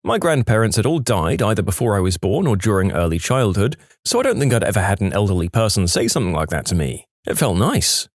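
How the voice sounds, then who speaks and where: A man narrating online stories in a wry, animated, scripted way. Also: on the low side, quick pace, hardly any pauses, no echo, studio quality. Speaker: story narrator.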